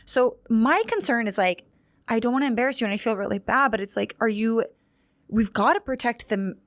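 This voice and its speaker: Woman podcast co-host, giggly, rambling, fairly high voice, dry sound. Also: fairly quick, dry recording. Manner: chatty, giggly, rambling asides. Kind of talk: casual chat.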